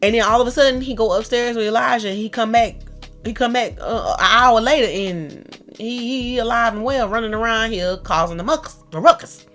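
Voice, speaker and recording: A woman's voice: on the high side, brisk, a bit bright, soft background music. A woman retelling a story in a casual, joking way with lots of slang. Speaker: storyteller host.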